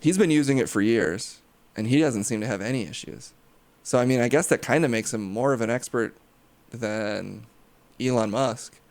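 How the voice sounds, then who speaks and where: Deadpan male parody news host. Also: medium pitch, normal speed. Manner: dry, flustered straight man. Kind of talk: deadpan comedy news segment.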